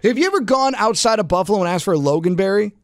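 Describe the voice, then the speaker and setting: Animated radio host. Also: male voice, high voice, no room sound, clean studio sound. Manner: animated, quick asides, rhetorical questions. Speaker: radio talk show host. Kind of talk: casual call-in radio chat.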